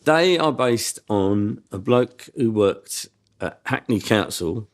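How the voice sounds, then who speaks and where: A comedy performer telling animated anecdotes in an interview, acting out the voices of people he describes. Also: fairly low pitch, slow pace. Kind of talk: reminiscing interview.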